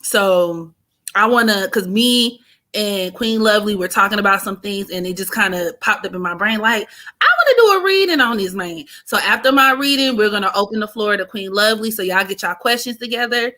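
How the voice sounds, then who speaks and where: A woman hosting a casual livestream, greeting chat viewers and reading astrology charts in an animated way. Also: medium pitch, a little fast. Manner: animated, greets chat by name, breaks into singing. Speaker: livestream host and astrology reader.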